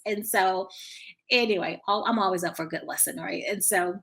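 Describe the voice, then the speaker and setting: Woman, podcast host, bright tense voice, animated casual storytelling, lots of "I said". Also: brisk, vocal fry. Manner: animated, voices quotes in a much higher pitch; repeats "I said" often, casual fillers. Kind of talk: storytelling monologue.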